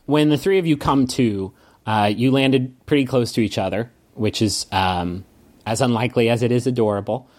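A man narrating as a game master, setting scenes with unhurried description. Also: medium pitch, darkish tone.

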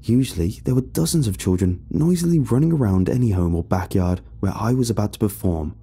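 A man reads a scripted first-person horror story in a measured, storytelling delivery. His voice is low, dark and gravelly, yet his pitch moves a lot across phrases. Faint music plays underneath. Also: animated. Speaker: narrator.

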